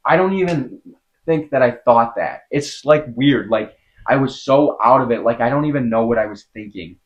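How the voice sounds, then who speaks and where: A young man from Wisconsin, a podcast guest telling a personal story in an earnest, halting way, full of filler words. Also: mid-range voice, lively intonation, muffled recording. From Wisconsin, USA.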